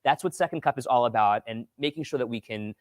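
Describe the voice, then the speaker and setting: A man co-hosting a morning talk show, chatting casually, telling animated stories, and reading viewer comments aloud in a TV studio. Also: medium pitch, quick pace, no echo. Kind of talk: casual chat.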